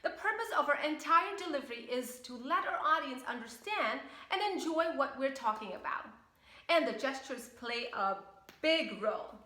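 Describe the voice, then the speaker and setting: A woman's voice: sits high, bright, forceful tone. A woman coach giving an upbeat, emphatic lesson on public speaking. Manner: upbeat, emphatic teaching with demonstrations of pace. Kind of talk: online course lesson. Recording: echoey room.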